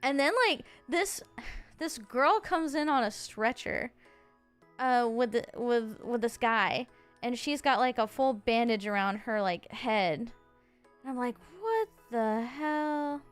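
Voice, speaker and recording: A woman around thirty, a streamer telling a story in a chatty, halting way, full of "like" fillers and restarts. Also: on the high side, clear, resonant tone, faint music behind. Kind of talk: casual storytelling.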